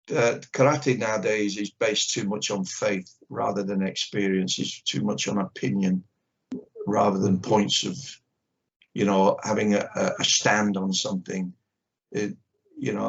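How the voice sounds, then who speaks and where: An older man, a karate teacher, speaking bluntly and with strong opinions as an interview guest on a video call. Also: lowish voice. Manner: blunt and opinionated, acts out little exchanges. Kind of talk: candid conversation. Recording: dull lo-fi video call audio.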